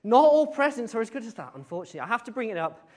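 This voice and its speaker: A man with a high voice leads a relaxed all-age church talk. He chats with the congregation, stumbles over words and drops in playful asides. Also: very fast. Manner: chatty, hesitant, with many ums and playful asides. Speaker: service leader.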